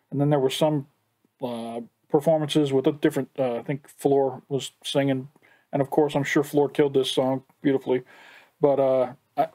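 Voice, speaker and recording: A man's voice: fairly high pitch, darkish tone. An American man hosting a music reaction, talking casually and eagerly, repeating his praise with frequent "uh" fillers. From United States.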